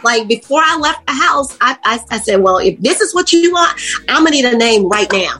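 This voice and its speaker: A woman's voice: a little high, expressive, brisk, sharp tone, breathy edge. A middle-aged woman, an interview guest, telling a personal story in casual talk and acting out her own past words.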